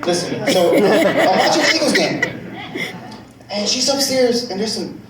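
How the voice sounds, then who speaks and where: On a comedy club stage, a man tells animated, profane stories about family life and checks in with the crowd. His voice is high-pitched and a little slow, and the echoey live recording is very noisy, with a distant mic and audible audience.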